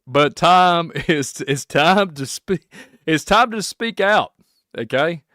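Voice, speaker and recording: A man from Kentucky with a Southern accent, hosting a rambling solo podcast, excitable and laughing often as he jumps between topics. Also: on the high side, takes it slowly, no echo, clean studio sound. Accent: Kentucky Southern American. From Kentucky, USA. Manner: excitable, laughing, puts on silly voices. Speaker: podcast host.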